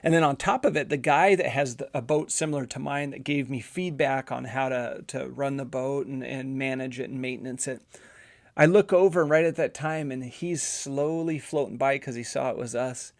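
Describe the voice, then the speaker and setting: A man's voice: medium pitch, normal speed. A middle-aged man hosting a podcast, telling a casual story with many repeated words and fillers. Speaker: podcast host, physical therapist.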